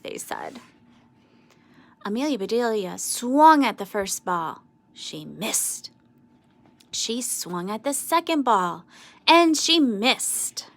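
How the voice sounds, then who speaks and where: Bright sing-song woman storybook reader. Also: fairly high pitch, very animated, takes it slowly, pauses often, dry recording. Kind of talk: animated read-aloud storybook narration.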